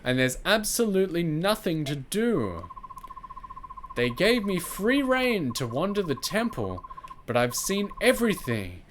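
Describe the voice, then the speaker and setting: A streamer reading a game aloud and voicing a bored young girl with drawn-out complaints. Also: medium pitch, very animated, a little hiss or hum, voice pushed up.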